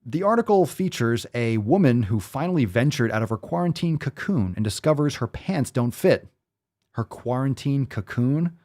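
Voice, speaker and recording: Mocking podcast guy, swears a lot, voice all over the place, middle pitch. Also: expressive, moderate pace, a little mellow. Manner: sarcastic, mocking, emphatic. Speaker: podcast host. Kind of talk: profane commentary reading posts aloud.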